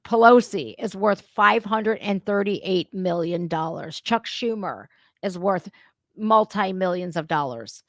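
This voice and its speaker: A woman's voice: mid-range voice, measured pace, no room sound, studio quality. A woman hosting a reaction channel, ranting about politics in an angry, profane, emphatic way. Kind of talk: heated political rant.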